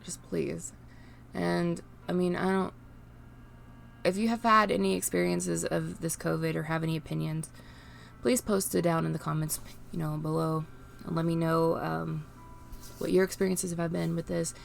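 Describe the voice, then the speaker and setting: A woman vlogging unscripted while grieving, near tears, pleading and halting with restarts. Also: on the low side, flat delivery, gravelly, faint music behind. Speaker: streamer and vlogger. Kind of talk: unscripted emotional vlog.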